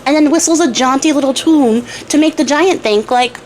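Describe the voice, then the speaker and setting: A young woman retells an old fairy tale in a loose, chatty way, tossing in irreverent asides as she goes. Her voice sits a bit high, with a faint hum of room ambience behind it. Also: moderate pace, darkish tone, low-quality recording. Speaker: craft channel host.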